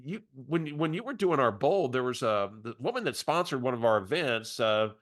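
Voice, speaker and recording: A man's voice: medium pitch, expressive, moderate pace, natural voice. A man voicing a friendly, chatty woman on a phone call, with a sweet drawl. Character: friendly chatty middle-aged woman caller.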